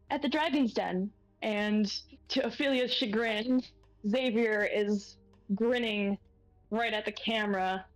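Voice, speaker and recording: A woman's voice: medium pitch, low-quality recording. A woman narrating as game master of a tabletop role-playing game, loose and full of fillers.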